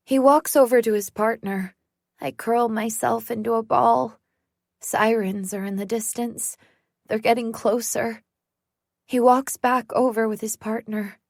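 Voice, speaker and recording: A woman narrating a first-person thriller audiobook in a tense, measured way. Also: fairly high pitch, steady tone, a little mellow, no echo, clean studio sound.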